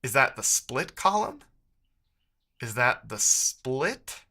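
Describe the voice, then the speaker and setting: A man's voice: medium pitch, very animated, takes it slowly, sharp tone. A man streaming live as a programmer, thinking aloud while he codes and chatting with viewers, muttering to himself with playful asides.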